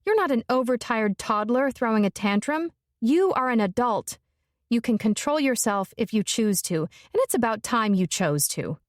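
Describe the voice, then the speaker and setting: A woman's voice: on the high side, animated, moderate pace, dry recording, clean studio sound, voice pushed up, lightly acted. A woman narrator voicing a blunt, fiery young woman, speaking emphatically and forthrightly.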